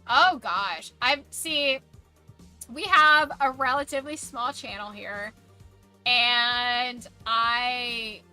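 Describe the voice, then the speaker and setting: Woman streamer, mild Southern accent, slightly hoarse, rambling talk full of fillers, bright, higher voice. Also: extremely slow, soft background music. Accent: mild Southern American. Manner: rambling, many "like" fillers and restarts. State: voice going hoarse. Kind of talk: casual chat with live chat.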